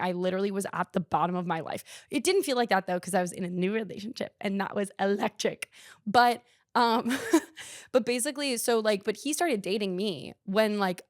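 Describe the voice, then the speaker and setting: A woman's voice: mid-range voice, dry recording, clean studio sound. A young woman hosting a podcast, telling a rambling, self-deprecating story in casual chat, full of "like". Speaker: podcast host.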